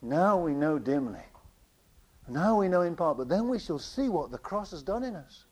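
A man preaching a sermon with passion, repeating phrases and swinging between loud declarations and quiet asides. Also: on the high side, very animated, normal speed.

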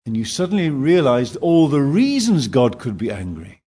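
A man preaching a sermon at a church in Singapore, slow and emphatic. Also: husky. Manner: slow, emphatic preaching with lively pitch swings.

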